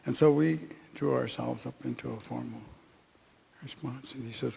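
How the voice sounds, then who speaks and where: An older man recounting a personal story in a speech, unhurried and halting with many pauses. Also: mid-range voice, steady tone, vocal fry, dark tone, slight background noise. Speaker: speaker at an honoring event.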